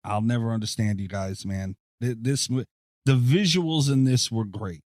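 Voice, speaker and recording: A man co-hosting a horror movie podcast in casual chat, animated and swearing freely. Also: medium pitch, moderate pace, no echo, clean studio sound. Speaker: podcast co-host.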